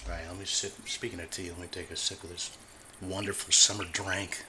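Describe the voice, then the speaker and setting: A man's voice: deep voice, level tone, fairly quick, noisy background. A man live-streaming, chatting casually as he reacts to a video, swearing and laughing often. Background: faint music.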